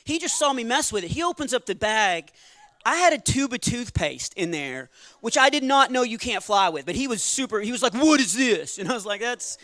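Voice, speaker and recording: Bright-voiced male stand-up comic, dry sound. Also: very high voice, big pitch swings, no room sound. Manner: chatty storytelling with quick acted-out quotes. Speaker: stand-up comedian. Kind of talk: stand-up comedy set. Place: live venue with audience.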